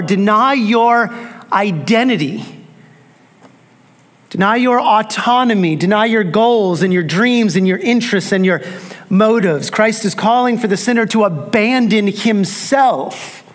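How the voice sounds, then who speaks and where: A man's voice: high-pitched, expressive, slow pace. A man. He drives his points home by repeating key phrases and asking the congregation rhetorical questions. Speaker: pastor. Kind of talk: sermon.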